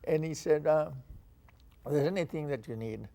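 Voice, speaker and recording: A man's voice: on the high side, moderate pace, mellow. An older man from Texas recounting his past in an oral history interview, acting out the dialogue he quotes. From San Antonio, Texas. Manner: storytelling, acts out quoted dialogue. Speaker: veteran interviewee.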